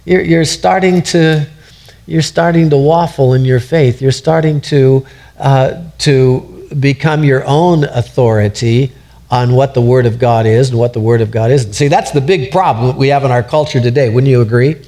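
A man's voice: mid-range voice, steady tone, normal speed, dark tone. A man preaching a sermon verse by verse in a conversational way, asking the congregation questions and repeating words as he builds a point. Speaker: pastor. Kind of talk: expository sermon.

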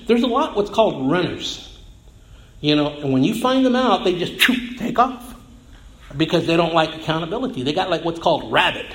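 A man preaching a sermon as pastor in a church, animated and often repeating words and fillers as he goes. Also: high voice, echoey room, low-quality recording.

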